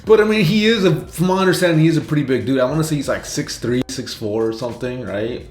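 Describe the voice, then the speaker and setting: A man chatting through his reaction in a relaxed, musing way, often ending a thought with a quick "right?" and a short laugh. His voice carries the ring of a bare, echoey room, with faint music playing under it. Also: a little high. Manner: chatty, laughing asides, ends points with "right?". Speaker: reaction channel host. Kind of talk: casual reaction commentary.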